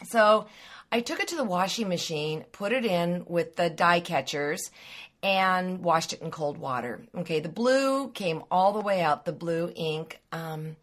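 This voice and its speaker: A middle-aged woman hosting a quilting podcast, telling a story in a chatty, animated way and laughing along the way. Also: lowish voice, a little slow. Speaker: podcast host. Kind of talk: casual storytelling monologue.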